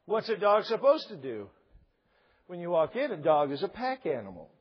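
A man delivers a sermon in a high, husky voice that swoops up and down with energy. He acts out other people's voices as he goes. The recording sounds dull and lo-fi. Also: moderate pace. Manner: animated, acts out voices of parents and children; raises voice to a shout at points. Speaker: pastor.

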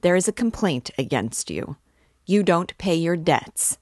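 A woman's voice: fairly low pitch, expressive, measured pace, a little mellow, dry recording, clean studio sound. A woman reading aloud the lines of an irritable, pompous male police officer who blusters indignantly.

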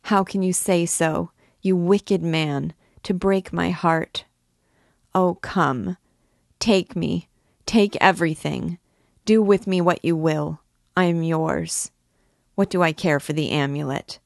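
A woman's voice: fairly low pitch, steady tone, takes it slowly, creaky, no echo, clean studio sound. A woman reading the lines of a young, passionate gypsy dancing girl, pleading and lovestruck.

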